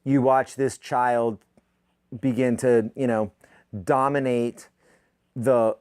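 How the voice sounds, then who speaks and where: A man's voice: fairly even intonation, takes it slowly, clean tone, no echo. Profane ranting man, dry close sound. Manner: profane, sardonic ranting with sudden loud pitch jumps. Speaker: podcast host. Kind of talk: comedic rant monologue.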